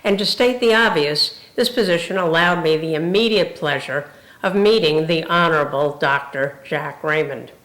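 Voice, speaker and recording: A woman's voice: sits low, moderate pace. An older woman, a retired university president, telling funny stories in a tribute speech. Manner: warm humorous storytelling. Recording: roomy echo.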